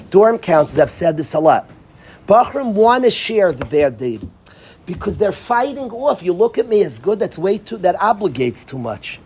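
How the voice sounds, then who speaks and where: A man giving an informal talk to dorm counselors, animated, acting out quoted voices and often restarting his sentences. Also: high voice, a little hiss or hum. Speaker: yeshiva speaker addressing dorm counselors.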